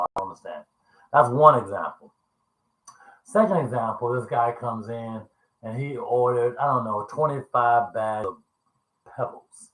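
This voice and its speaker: A man in his fifties tells work stories into his camera in a loose, rambling way, laughing at his own lines and throwing in curse words when he acts out what people said. His voice is bright and forward. The room around him is echoey and hard. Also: medium pitch. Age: 50s. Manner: rambling, laughing, chatty, quotes people with coarse language. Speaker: vlogger. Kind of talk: casual storytelling vlog.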